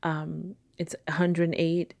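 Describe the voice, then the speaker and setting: A woman with a low, gravelly voice talks casually about spiritual practice. Her delivery rambles and often sinks to a soft whisper. The recording is dry and close. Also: little pitch movement, slow pace, dry recording. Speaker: spiritual teacher.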